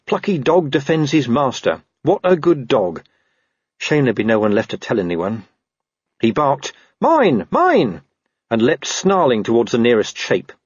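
A man narrating a comic fantasy novel in a wry, lively storytelling manner. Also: medium pitch, husky, no echo, dull audio. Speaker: audiobook narrator.

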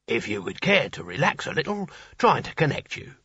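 A man's voice: a little high, big pitch swings, fairly quick, pushed and bright, breathy edge, dry recording, lo-fi sound, exaggerated voice. A man doing a laid-back slangy lamp genie. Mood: offhand. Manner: drawling, offhand, slangy.

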